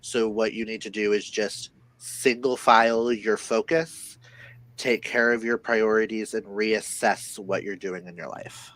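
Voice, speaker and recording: A man's voice: fairly low pitch, fairly even intonation, a little slow, fairly bright tone, rough recording. Man giving playful oracle card readings. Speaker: co-host reading oracle cards. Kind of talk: casual live-stream chat.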